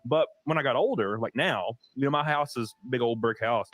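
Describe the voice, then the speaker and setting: A man with a Southern US accent, hosting a casual stream and telling animated stories with plenty of swearing. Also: mid-range voice, a little fast, dry recording. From American South. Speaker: streamer host. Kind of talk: casual chat.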